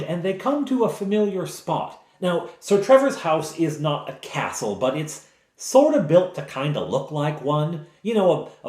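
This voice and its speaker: A man's voice: medium pitch, darkish tone, echoey room. A man, the game master, recounting a tabletop game session in a casual, digressive way full of asides and explanations.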